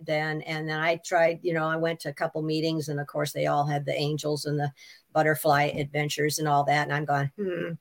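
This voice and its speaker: A middle-aged woman telling her story as an interview guest, lively and candid, often laughing and acting out what others said. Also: low-pitched, fairly quick. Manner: animated, laughs often, acts out quoted people. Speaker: guest describing a near-death experience.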